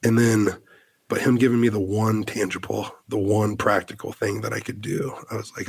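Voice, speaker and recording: A man's voice: on the low side, flat delivery, moderate pace, gravelly, slightly rough, no room sound. A man in his thirties from the United States, a podcast guest telling a heartfelt personal story in an earnest way, full of "like" fillers and restarts.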